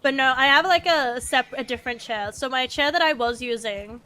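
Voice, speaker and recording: A woman's voice: sits high, moderate pace, bright, forceful tone, smooth. An Australian woman streaming a game, chatting casually, swearing freely and laughing often.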